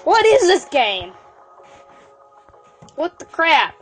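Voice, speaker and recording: A woman with a high, light voice chatters through a game as its regular host. She is excitable, trips over her words and keeps blurting out exclamations. Soft game music plays faintly underneath. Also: drawn-out words. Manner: excitable, exclaims and stammers often. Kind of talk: casual gameplay commentary.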